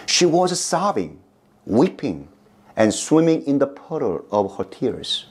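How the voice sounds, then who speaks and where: A middle-aged man with a Korean accent preaches a sermon at an unhurried pace. His pitch rises and falls widely as he stresses words, and his voice sits in a moderate range. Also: sing-song, a little mellow, slightly rough. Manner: slow, emphatic delivery with big pitch swings. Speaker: pastor.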